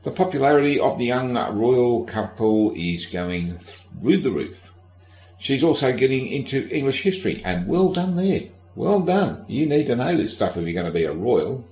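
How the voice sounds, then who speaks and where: A man's voice: mid-range voice, lively intonation, normal speed, a little mellow, reverberant. A man hosting a casual history podcast, sardonic and irreverent, swearing freely and talking straight to the listener. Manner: addresses the listener directly. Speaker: podcast host.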